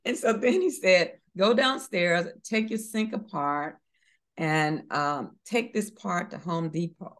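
A woman's voice: fairly low pitch, slow. A middle-aged woman recounts a personal faith testimony in an interview. She speaks earnestly, hesitating with fillers and restarts, and lifts her voice to act out the people in her story.

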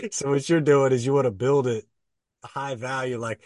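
A man's voice: mid-range voice, steady tone, moderate pace, a little mellow, dry recording, clean studio sound, recorded from a distance. A man co-hosting a casual sales coaching chat, agreeing and building on his partner's points.

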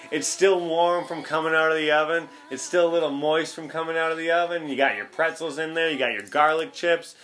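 Male co-host, loose comic chatter, bright tone, light music bed. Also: fairly high pitch. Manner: joking, rambling, bright delivery. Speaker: podcast co-host. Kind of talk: casual chat.

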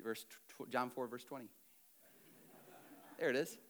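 A man preaching a sermon in a conversational, animated storytelling way with casual asides. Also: mid-range voice, measured pace, background noise.

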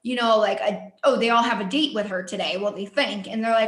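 Bright chatty young woman, echoey room. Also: mid-range voice, brisk, hardly any pauses. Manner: chatty, frequent "like" fillers. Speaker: podcast co-host. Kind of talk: casual chat.

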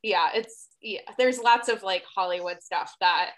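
A woman's voice: medium pitch, measured pace, a bit bright. A woman hosting a podcast, chatting casually and bluntly, swearing freely.

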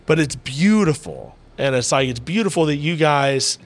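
A man's voice: fairly high pitch, animated, normal speed. A man who announces combat sports, a podcast guest telling a heartfelt story in casual, rambling talk full of "you know" and "bro". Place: indoor VR arcade he owns.

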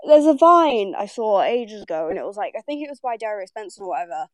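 A woman's voice: mid-range voice, quick pace, dry recording. A young woman with a Northern English accent, chatting as a podcast co-host, bubbly and laughing as she tells stories. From Northern England. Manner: bubbly, laughing, animated storyteller. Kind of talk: casual chat.

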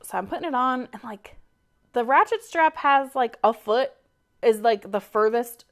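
In casual podcast chat, a woman co-host recounts a story with exasperated venting, animated reenactments of quoted dialogue and plenty of swearing. Her voice is a little high and her pace moderate.

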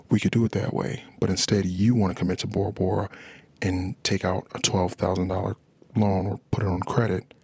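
Low flat-voiced guy rambling on about his marriage, gravelly and kinda husky. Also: dry recording. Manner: rambling, frustrated venting. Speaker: podcast host. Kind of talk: personal monologue about marriage.

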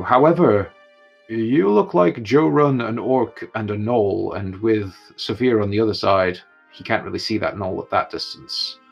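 A man narrating a tabletop game as its game master, in a relaxed, chuckling way. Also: on the low side, vocal fry, slightly rough, highs cut off.

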